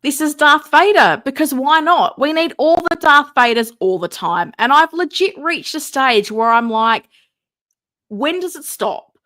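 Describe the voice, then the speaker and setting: A woman's voice: high voice, animated, unhurried, bright, forceful tone. An Australian woman hosting a casual livestream, tired and rambling, with a wry, mumbly way of talking. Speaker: host of a figure collecting livestream.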